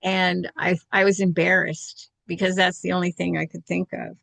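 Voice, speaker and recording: An older woman with a lowish, gravelly voice tells a personal story in a candid, self-deprecating way. The sound is close and dry. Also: level tone, normal speed, a bit bright, dry recording. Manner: candid, self-deprecating, laughs while telling.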